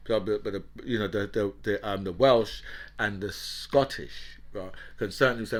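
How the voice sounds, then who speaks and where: A man's voice: lowish voice, moderate pace. A man, hosting an opinionated commentary monologue in a heated, ranting way, often checking in with "right?" and "you know". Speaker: political commentator and host.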